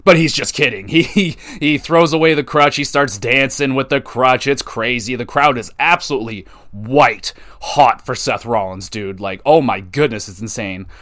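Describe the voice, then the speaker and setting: On his wrestling podcast, a man gives a loose, rambling recap with keen enthusiasm, now and then dropping into quoted voices. His mid-pitched, slightly bright voice comes across close-miked in a dry recording.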